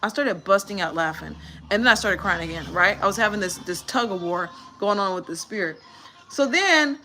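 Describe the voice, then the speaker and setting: Tired, bright-voiced woman sharing testimony. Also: mid-range voice, normal speed, soft background music. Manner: animated storytelling, church slang. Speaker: vlogger. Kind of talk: candid live-stream testimony.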